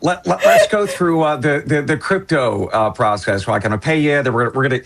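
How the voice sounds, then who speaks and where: A man in his forties, a former intelligence officer appearing as a guest, animated and joking as he talks. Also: medium pitch, normal speed. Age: 40s. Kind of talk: casual chat.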